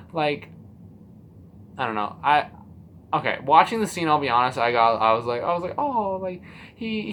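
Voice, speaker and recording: A man giving a casual spoiler review of a TV series, animated and profane, acting out his own reactions with lots of fillers. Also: medium pitch, slight background noise. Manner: loose and profane, many fillers.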